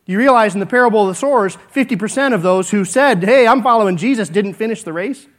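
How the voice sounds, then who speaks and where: A man preaching a sermon, earnest and repetitive, swinging between emphatic lines and hushed ones. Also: high-pitched, quick pace. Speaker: pastor.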